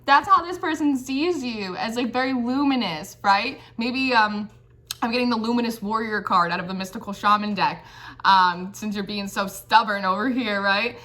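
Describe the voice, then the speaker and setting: A woman gives a chatty, casual tarot reading, saying "like" constantly and giggling as she goes. Her voice is on the high side, bright and forceful, at a moderate pace.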